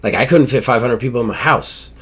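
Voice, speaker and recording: A man's voice: medium pitch, quick pace, breathy edge. A man hosting a gaming podcast in casual, upbeat chat, swearing now and then as he runs through plugs. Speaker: podcast host.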